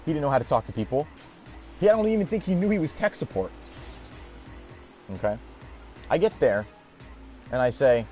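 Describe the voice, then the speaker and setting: A man's voice: mid-range voice, sing-song, moderate pace, long pauses, a little mellow, soft background music. A man hosting a gaming video, telling a story in a rambling, exasperated way and swearing casually. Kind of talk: casual storytelling over gameplay.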